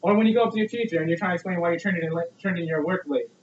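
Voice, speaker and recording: A young man delivers a persuasive speech in an earnest, preachy way, leaning on rhetorical questions. His voice sits high for a man. The sound is roomy and dull, picked up from some distance away. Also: very fast, a little hiss or hum. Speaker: student speaker.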